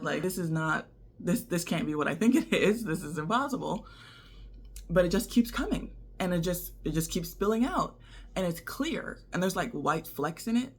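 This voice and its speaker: A young woman telling a personal story to the camera in a casual, animated way, often laughing. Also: on the low side, creaky, husky. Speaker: vlogger.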